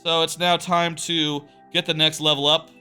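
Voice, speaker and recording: A male streamer talking loosely over his gameplay, with a very bright, forceful edge to a somewhat high voice. His tone is smooth and clean. He chats casually and answers his viewers between levels. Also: little pitch movement, normal speed, faint music behind. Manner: chatty, answers viewer chat between plays. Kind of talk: casual live-stream chat while gaming.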